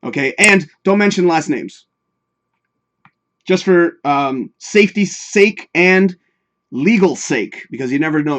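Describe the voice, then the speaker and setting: A man's voice: on the high side, fairly bright tone. A man hosting a livestream show, chatting casually, swearing freely and reading viewer comments aloud with jokey advice. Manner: profane, chatty, laughs often, reads viewer comments aloud.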